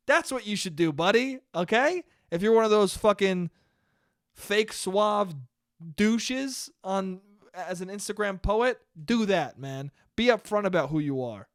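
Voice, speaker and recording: A man's voice: high voice, very animated, measured pace, a bit bright, clean tone, dry recording, clean studio sound. A young man hosting his own solo podcast, ranting with lots of swearing and mocking quotes. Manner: ranty, profane, mocking put-on poet voices. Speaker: podcast host. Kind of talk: solo comedic rant.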